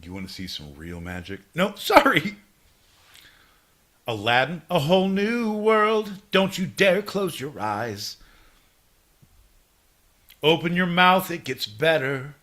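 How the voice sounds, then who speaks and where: A nervous theme-park tour guide on his first day, eager and flustered, keeps tripping over crude slips, as a man puts him on. The voice bounces around with lively ups and downs. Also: a little high, takes it slowly, pauses often, pitched above the performer's own voice.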